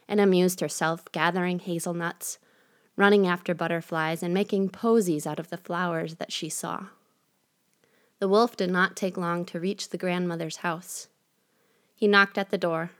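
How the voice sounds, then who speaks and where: A woman narrating a fairy tale in a measured, gently expressive storytelling manner. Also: on the low side.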